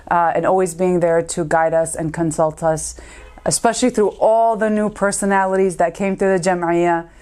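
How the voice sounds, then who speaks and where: A woman's voice: lowish voice, darkish tone. A woman in her thirties, a community lawyer, giving an earnest, heartfelt tribute in a recorded interview, with frequent "um" and "uh" fillers.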